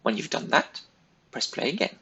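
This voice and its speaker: A man teaches French on a rough recording, speaking at a moderate pace with a sharp tone. He guides his pupils patiently, one clear step at a time.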